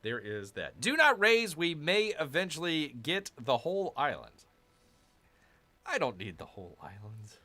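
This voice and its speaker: A man's voice: fairly high pitch, huge pitch swings, unhurried, pushed and bright. Exasperated man grumbling through gameplay. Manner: exasperated, grumbling, sarcastic asides to viewers. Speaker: gaming channel host. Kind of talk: casual gameplay commentary.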